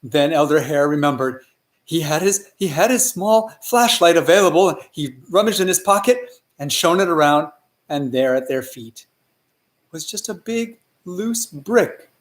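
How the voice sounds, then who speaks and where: Animated male storyteller in an echoey room. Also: on the high side, a little slow. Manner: animated, asks the listeners questions. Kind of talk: children's story narration.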